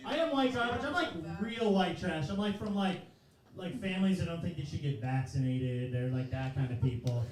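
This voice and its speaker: A man's voice: fairly high pitch, normal speed, heavy reverb, far from the mic, rough recording. A man in his thirties doing a loose, profane, self-mocking stand-up comedy set in a comedy club. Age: 30s. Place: comedy club stage, live audience.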